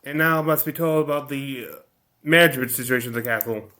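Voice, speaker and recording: A man recapping a tabletop game in casual commentary, talking in a halting way with frequent restarts. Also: mid-range voice, bright, forceful tone. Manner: halting, many restarts and fillers. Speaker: recap host.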